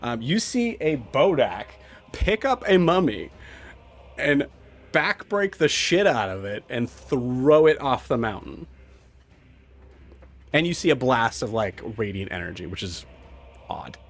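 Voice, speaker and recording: A man's voice: medium pitch, sing-song. A man narrating a tabletop game as game master, stumbling over fillers and laughing often. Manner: halting, full of fillers and laughs.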